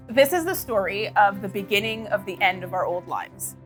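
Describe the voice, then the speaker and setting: A woman's voice: medium pitch, lively intonation, normal speed, few pauses, over music. A young woman hosting a podcast, telling a personal story in a rambling, casual way, often quoting herself. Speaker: podcast host.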